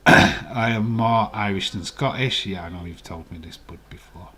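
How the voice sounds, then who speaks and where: A man's voice: fairly low pitch, a little fast, fairly bright tone. A man with a Yorkshire accent, hosting a live watch-along stream and chatting casually, teasing viewers in the chat. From England.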